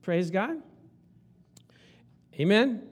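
Animated high-voiced male preacher. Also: very slow, slightly rough. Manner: animated, storytelling with acted-out quotes. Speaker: pastor. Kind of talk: sermon.

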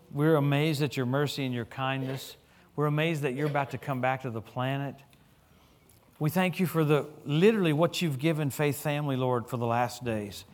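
A middle-aged guest preacher delivers a sermon in a church, telling humorous stories with animation. As he gets caught up, his voice swings lively up and down in pitch.

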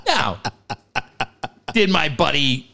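A man's voice: fairly high pitch, big pitch swings, slow pace, gravelly, sharp tone. A man from Cardiff telling a story in casual chat, profane, laughing and acting out the voices.

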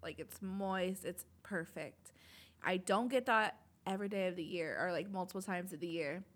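A woman's voice: on the low side, normal speed. A young woman co-hosting a casual chat podcast, playful and teasing, laughing often. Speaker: podcast co-host.

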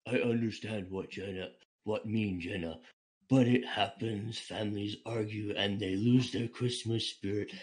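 An earnest male dog hero offers comfort in a lowish, deadpan voice, read by a man. He trips over his lines in this comedic story reading. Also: measured pace, lightly acted.

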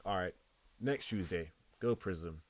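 A man's voice: low-pitched, a little slow. A man in casual chat, laid-back and teasing, with street slang.

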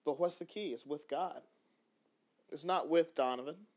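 A man hosting a faith-based podcast, talking in an animated way with frequent restarts. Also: a little high, normal speed. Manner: animated, acts out little dialogues, frequent restarts. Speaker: podcast host.

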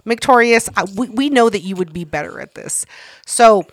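A woman's voice: on the high side, expressive, moderate pace, no echo. A woman co-hosting a podcast, chatting bluntly and profanely and arguing her points. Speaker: podcast co-host. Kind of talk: casual chat.

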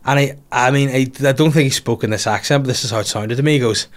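A man's voice: medium pitch, fast talker. A man telling a long, rambling story in casual chat, swearing and laughing at himself as he goes.

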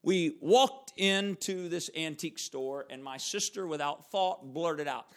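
A man's voice: fairly high pitch, measured pace. A middle-aged man preaching a sermon, telling stories and repeating phrases for emphasis. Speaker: pastor.

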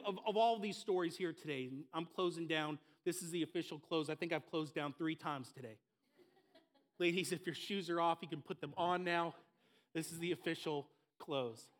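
High-pitched impassioned male pastor. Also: a bit bright. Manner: building to impassioned, emphatic repetition. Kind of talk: sermon. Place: church service.

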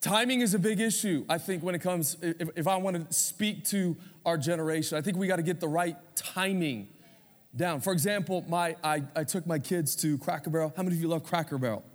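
A man's voice: a little high, fairly quick. A man in his thirties preaching a sermon as pastor, in a casual, conversational way, calling out to the congregation for responses. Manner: conversational preaching with audience call-outs. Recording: reverberant hall.

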